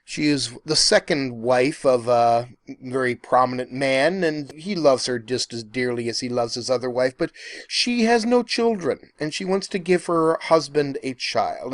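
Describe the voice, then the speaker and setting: A professor narrating a lecture in an animated, folksy storytelling manner. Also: male voice, mid-range voice, no room sound, studio quality.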